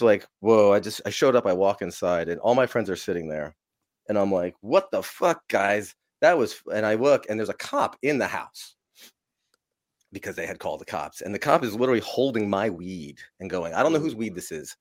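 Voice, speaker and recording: A man's voice: lowish voice, animated, normal speed, no echo, clean studio sound. A man from New Jersey, a podcast guest, telling a long profane story in a rambling, self-interrupting way. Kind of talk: casual storytelling.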